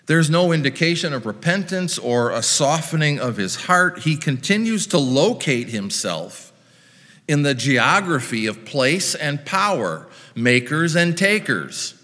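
Man giving a slow sermon, lively ups and downs, big reverb like a church. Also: on the high side. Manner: measured, reflective, with wry asides. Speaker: preacher. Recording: long hall reverb.

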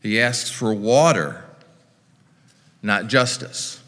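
A man preaching a sermon in a measured, reflective way, with wry asides. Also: on the low side, fairly bright tone. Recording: long hall reverb.

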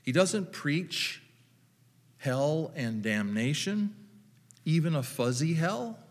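A man's voice: fairly high pitch, expressive, slow, in a large hall. A man preaching a sermon as pastor, retelling scripture with wry, dry humor.

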